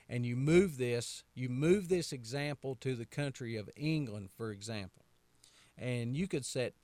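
Folksy Southern pastor on the radio. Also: male voice, mid-range voice, darkish tone, dry recording. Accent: Southern American. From North Carolina. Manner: folksy, repeats phrases, rhetorical questions. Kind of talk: radio talk.

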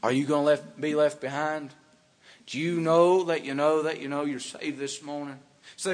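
A man pastor preaching a sermon in a church, fervent, swinging between hushed passages and loud emphatic ones. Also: a little high, fairly even intonation, normal speed, in a large hall. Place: church sanctuary.

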